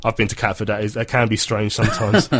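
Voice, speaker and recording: A man's voice: lowish voice, level tone, fast, fairly bright tone, slightly rough. A man in his thirties hosting a casual football chat, chatty and laughing often as he reads out listener messages. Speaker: football podcast host.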